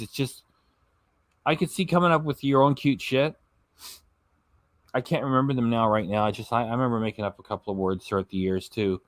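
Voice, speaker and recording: A man's voice: mid-range voice, a little fast, no echo. A man hosting a reaction channel, giving blunt, sarcastic commentary over clips and swearing freely.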